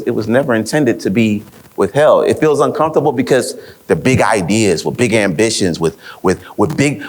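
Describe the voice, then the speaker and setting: A man giving a motivational talk to a live audience, telling stories with rhetorical repeats and acting out what others said. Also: mid-range voice. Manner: rhetorical repeats, quoting others in lively voices. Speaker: speaker at an event.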